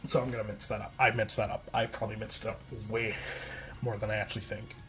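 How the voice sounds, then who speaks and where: A man's voice: fairly low pitch, flat delivery, quick pace, a bit bright, faint music behind. A man giving a casual, rambling recap, often correcting himself and filling gaps with "like" and "um". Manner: rambling, self-correcting, filler-heavy. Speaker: video essayist.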